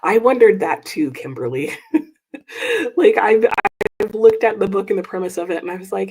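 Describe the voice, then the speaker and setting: A woman's voice: medium pitch, expressive, normal speed, very noisy. A woman hosting a casual reading livestream at her desk at home, upbeat and chatty as she reads viewer comments aloud and reacts with little exclamations. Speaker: livestream host. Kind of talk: casual live-chat reading stream.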